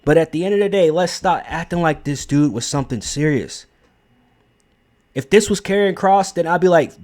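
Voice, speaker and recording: A man's voice: on the high side, moderate pace, darkish tone. Blunt, profane young man ranting. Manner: blunt, profane, emphatic with frequent fillers. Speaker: wrestling commentary host. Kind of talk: casual opinion commentary.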